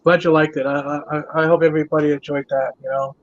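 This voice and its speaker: A man talking on a video call during a casual live stream chat. He is soft-spoken and a little halting, repeating words as he goes. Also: on the high side, little pitch movement, no echo, lo-fi sound. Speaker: musician guest.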